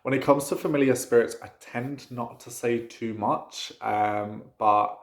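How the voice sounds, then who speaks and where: Gravelly-voiced man chatting casually. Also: medium pitch, normal speed, hardly any pauses, reverberant. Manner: rambling, chatty, frequent fillers and laughs. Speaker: witchcraft vlogger. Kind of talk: casual talk to camera.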